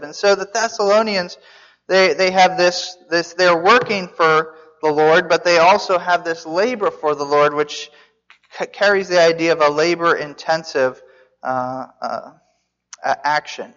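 A man's voice: fairly high pitch, normal speed, a bit bright. A man teaching a Bible sermon as a pastor, conversational, asking his listeners questions with some restarts. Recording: dull sound in a reverberant hall.

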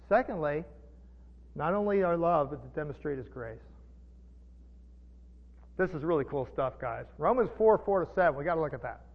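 A pastor preaching a sermon, chatty and animated, with jokes and asides. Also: male voice, a little high, gravelly. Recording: dull lo-fi sound with long reverb.

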